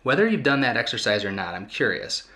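A man hosting a reflective talk, a therapist speaking earnestly to his audience and pausing often to find his words. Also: medium pitch, big pitch swings, sharp tone. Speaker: host and therapist.

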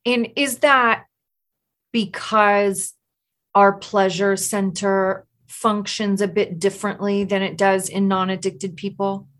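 A woman hosting a casual podcast conversation, animated when telling stories and quick to laugh. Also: mid-range voice. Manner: animated storyteller, laughs easily.

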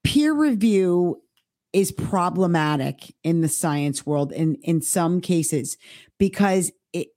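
A woman co-hosting a podcast, talking casually and stressing her main points by slowing down on key words. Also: on the low side, expressive, dark tone, no room sound, clean studio sound. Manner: emphatic, stresses key words with slowed delivery. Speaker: podcast co-host.

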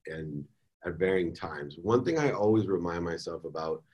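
A middle-aged man, a podcast guest, telling a motivational story in an emphatic way that swings between soft and forceful. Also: low voice, expressive, normal speed, breathy edge, dull audio. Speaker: guest, entrepreneur and speaker.

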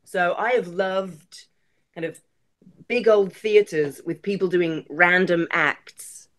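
A woman's voice: lowish voice, takes it slowly. A British woman from Britain, a guest on a podcast interview, chatting in a self-deprecating way and laughing easily. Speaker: guest, arts executive director.

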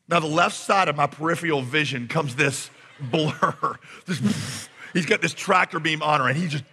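A man preaching a sermon as pastor, telling a story in an animated way, acting out the dialogue and laughing often. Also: fairly high pitch, moderate pace, in a large hall, slight background noise.

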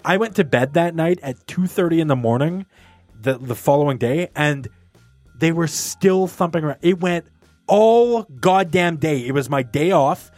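A young man casually telling a story among friends, animated, swearing a lot and putting on voices for quotes. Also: a little high, normal speed, dry recording, soft background music. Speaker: storyteller in group chat. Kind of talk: casual chat.

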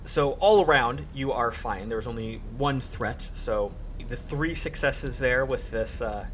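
A man running a tabletop horror game as game master, calm and encouraging, with faint background noise. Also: mid-range voice, unhurried. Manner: calm, encouraging, dramatic narration at the close.

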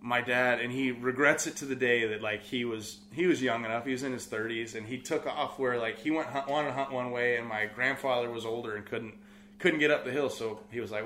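A man's voice: mid-range voice, fairly even intonation, a little fast, pushed and bright, slight background noise. A young man with a Californian accent telling a hunting story in casual conversation, rambling with lots of fillers. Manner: rambling, many "like" fillers, acts out quotes. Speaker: guest, outfitter business owner.

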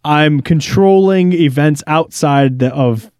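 A man co-hosting a casual podcast, relaxed and agreeable with dry humor. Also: on the high side, slow, clean tone, no room sound. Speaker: podcast co-host. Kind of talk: casual chat.

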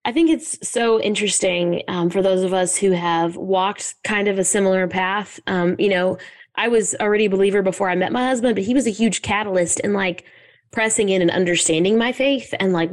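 A woman who hosts the podcast, with a voice of middle pitch. She talks in a relaxed, conversational way and often affirms her guest. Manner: warm affirming listener, frequent "mm-hmm". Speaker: podcast host. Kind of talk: casual interview chat.

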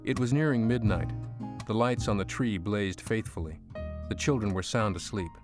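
A man reading an audiobook aloud in a measured, expressive storytelling voice. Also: lowish voice, over music. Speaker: audiobook narrator. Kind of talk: scripted audiobook narration.

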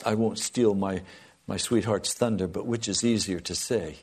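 A man preaching a sermon to a congregation, swinging from loud pleading to soft, hushed lines. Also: on the low side, steady tone, normal speed, slightly rough.

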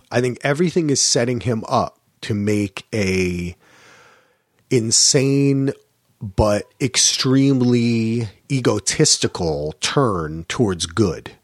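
Husky-voiced man chatting on his podcast. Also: on the low side, no room sound, clean studio sound. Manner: chatty, rambling, jokey. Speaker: podcast host. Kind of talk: casual solo chat. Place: at home.

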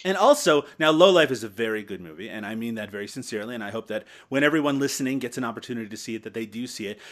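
A man's voice: mid-range voice, lively intonation, rapid-fire, a bit bright. A man from Canada hosting a comedic podcast, teasing his guests in a mock-serious, joking way. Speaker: podcast host.

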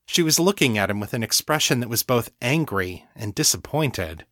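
A man reads fiction aloud with a lively, rising and falling delivery, unhurried and expressive. His voice is mid-pitched and the recording is dry and close, with no room sound. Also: dry recording. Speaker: audiobook narrator. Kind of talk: scripted fiction narration.

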